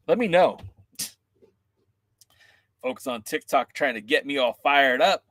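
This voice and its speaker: A man hosting a wrestling podcast in a casual livestream, excitable and joking as he chats with viewers' comments. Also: fairly high pitch, a little slow, pauses often, no room sound.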